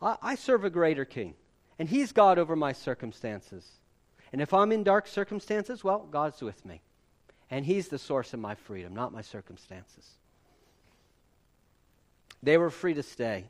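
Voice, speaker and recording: A male pastor delivering a sermon in a casual, conversational tone. His voice sits high and swings widely from bursts to quiet drops. He keeps asking the audience rhetorical questions. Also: very animated, a little slow, long pauses.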